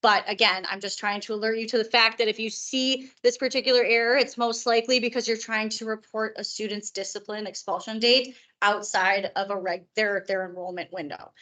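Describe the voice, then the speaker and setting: A hoarse woman presenting at a conference, explaining in a chatty way with joking asides. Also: medium pitch, fairly even intonation, brisk, hardly any pauses, fairly bright tone. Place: conference room.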